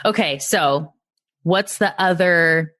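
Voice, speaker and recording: A woman hosting a podcast, chatting in a relaxed, affirming way. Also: fairly low pitch, takes it slowly. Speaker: podcast host. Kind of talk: podcast interview.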